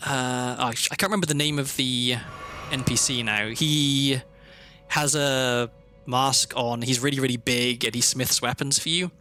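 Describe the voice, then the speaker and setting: This Welsh streamer talks loosely through his live gameplay, musing aloud with plenty of fillers and false starts. His medium-pitched voice is steady, bright and forceful at a normal pace, with music playing faintly behind him.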